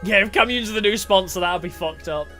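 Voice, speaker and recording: A woman's voice: mid-range voice, fast talker, pushed and bright, faint music behind. A woman streaming a game, chatting bluntly between lines, swearing casually and laughing often.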